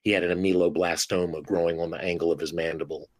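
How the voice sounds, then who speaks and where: Low-voiced dentist guy on a podcast, lively, acts out little scenes, dry close sound. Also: fast talker, dry recording. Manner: animated, expressive, acts out dialogues with patients. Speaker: dentist guest. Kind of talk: podcast interview.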